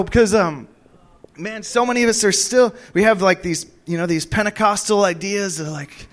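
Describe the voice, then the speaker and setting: A young man preaching a charismatic sermon in a church room, rambling with many fillers, breaking into laughs and sudden high whoops. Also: a bit bright.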